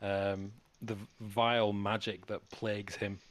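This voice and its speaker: A man's voice: lowish voice, flat delivery, a bit bright. A man narrating a tabletop game as game master, stumbling and restarting his sentences. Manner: halting narration with stutters and restarts.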